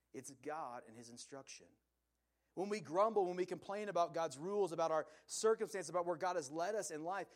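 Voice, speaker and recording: A man delivers a sermon in a slightly high voice, earnest and emphatic. He swells on key points and drops low and quiet at the ends of phrases. Between his points he reads scripture aloud. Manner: earnest, emphatic preaching with rising and falling intensity. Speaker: pastor.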